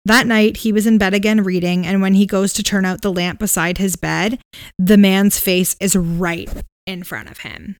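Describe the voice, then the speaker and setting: A woman with a mid-range voice co-hosts a podcast, casually retelling a ghost story at a normal speed, full of "um"s, "like"s and hedges. Her tone is clean, and the studio-quality recording has no room sound.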